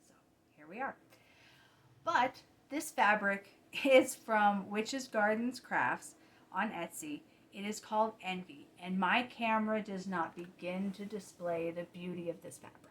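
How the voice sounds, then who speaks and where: A woman's voice: mid-range voice, unhurried. A woman, chatting casually about her cross-stitch projects late at night, sounding tired and often correcting herself. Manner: chatty, self-correcting, drops to soft asides. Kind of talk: casual chat. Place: home at night.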